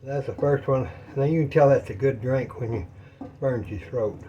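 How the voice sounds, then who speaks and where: A Texas cooking vlogger rambles folksily to viewers, calling them y'all, while cooking in his home kitchen and sounding a little out of breath. His voice is medium-pitched and warm at normal speed, with lo-fi sound and slight hiss or hum.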